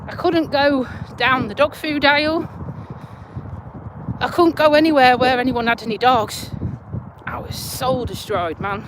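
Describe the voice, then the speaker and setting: A woman's voice: high-pitched, a little slow, long pauses, noisy background. A woman chatting casually on a live stream while walking her dog outdoors, speaking into a handheld phone in a down-to-earth way with some swearing. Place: outdoors on an urban walk. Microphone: phone held in hand.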